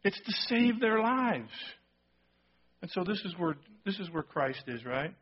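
A man preaching a sermon, telling a story with lively acted-out quotes and sudden drops to a hushed voice for emphasis. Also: high voice, unhurried, breathy edge, muffled recording. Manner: animated storytelling, acting out quotes, dropping to a hush for emphasis. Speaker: pastor.

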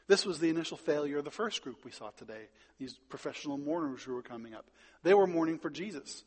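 A man preaching a sermon, stressing words loudly and then dropping quiet. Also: on the high side, long reverb tail. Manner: emphatic, swings between loud stresses and quiet drops. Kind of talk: sermon with Bible reading.

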